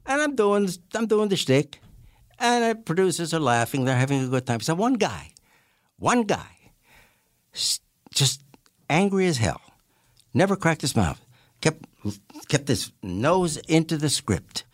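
A man's voice: fairly high pitch, measured pace, long pauses, no room sound, clean studio sound. A man in his eighties, a character actor telling showbiz anecdotes in an interview, acting out the voices as he goes. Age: 80s. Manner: animated storyteller who acts out voices and laughs often.

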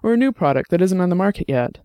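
A man voicing a rapidly aging, gruff old former bruiser who talks bluntly and wryly. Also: high voice, animated, mellow, no room sound, clean studio sound, pitched above the performer's own voice. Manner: blunt, salty, wry.

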